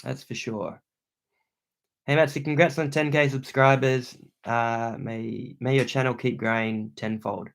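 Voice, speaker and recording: A man's voice: mid-range voice, fairly even intonation, a little slow, gravelly, fairly bright tone. A young Australian man hosting a livestream from a room at home, reading viewer comments aloud and thanking them in laid-back slang. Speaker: outdoor channel host.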